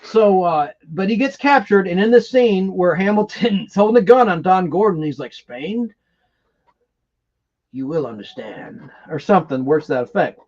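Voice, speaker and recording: A man's voice: sits high, expressive, a little fast, few pauses, a little mellow, lo-fi sound. A man hosting a live stream, chatting casually and enthusiastically, rambling from one aside to the next. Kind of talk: casual chat about classic TV monsters.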